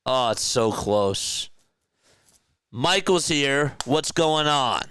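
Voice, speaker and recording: A man with a South Jersey accent calling a basketball game as a casual live-stream play-by-play commentator, chatty and quick to correct himself. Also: medium pitch, expressive, fairly bright tone, clean tone, no echo. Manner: chatty, laughs easily, corrects himself mid-call.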